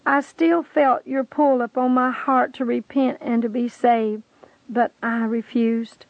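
A woman's voice: on the high side, fairly even intonation, measured pace, gravelly, no room sound. A woman voicing a tormented woman in hell who pleads and confesses with remorse, on a dry lo-fi tape recording. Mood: remorseful. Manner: anguished, confessional.

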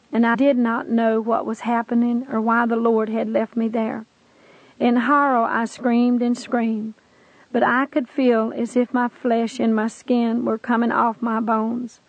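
A woman's voice: on the high side, flat delivery, a little slow, no room sound, lo-fi sound. A woman earnestly recounting a dramatic personal testimony, telling it intensely as a narrator.

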